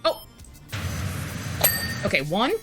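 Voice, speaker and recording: A woman's voice: slow, music in the background. An English woman streaming a game, bubbly and jokey, exclaiming often as she plays. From England. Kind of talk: casual gaming stream commentary.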